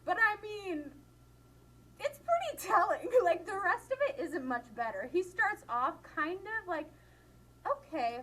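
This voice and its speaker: A woman's voice: very high-pitched, sing-song, a little slow, a bit bright, poor audio. A young woman teaching a college class in a classroom, chatty and laughing often, with many "like" fillers. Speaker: college instructor. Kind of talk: classroom lecture.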